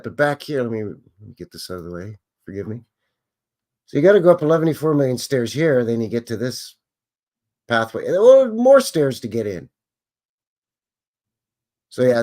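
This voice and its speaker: Male host, chatty and wry, with a very animated pitch. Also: normal speed, pauses often. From Canada. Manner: chatty, joking, exclaiming at what he sees. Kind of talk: casual live commentary on old photos.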